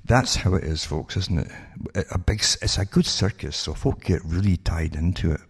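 A political commentator with a gravelly, low voice reads news articles aloud and comments on them in a monologue. He's sardonic, speaks at a normal speed, and fires rhetorical questions at his listeners.

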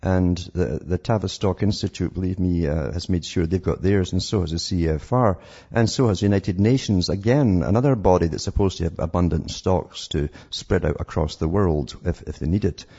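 A man's voice: low-pitched, moderate pace, hardly any pauses, dark tone, slightly rough, muffled recording. A man hosting a call-in radio show, talking in an indignant, rambling way and often repeating words. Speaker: radio talk show host.

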